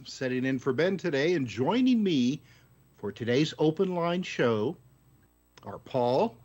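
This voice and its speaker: A man hosting a radio talk show over a remote call, introducing it in an announcer-like way. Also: on the high side. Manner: announcer-like, lively.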